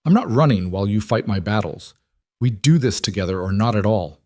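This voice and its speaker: A man's voice: lowish voice, lively intonation, brisk, dark tone, lightly acted. A man voicing a brave, defiant young woman, a bride, who speaks with determined firmness. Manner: determined, firm.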